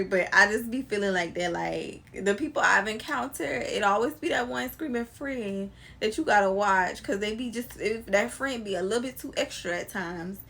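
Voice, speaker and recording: A woman's voice: medium pitch, fairly bright tone. A young adult woman telling a story to her viewers in a casual, emphatic, slangy way, speaking to a camera mic. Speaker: storytime vlogger.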